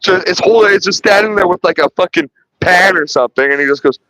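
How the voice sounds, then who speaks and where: A man's voice: high voice, fast talker, pushed and bright, no room sound, rough recording. A man hosting a podcast, retelling film scenes in casual, rambling chat full of restarts and swearing. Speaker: podcast host reviewing a film.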